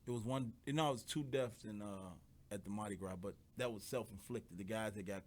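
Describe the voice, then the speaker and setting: A man on a radio talk show, talking in an easygoing way. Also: fairly low pitch. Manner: easygoing, agreeing, quick to laugh. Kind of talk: casual chat.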